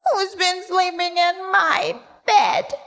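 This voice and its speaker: A woman voicing a small male bear cub who squeaks and wails in a storybook reading. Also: fairly even intonation, takes it slowly, a bit bright, in a large hall, heavily acted. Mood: wailing. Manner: squeaky, wailing.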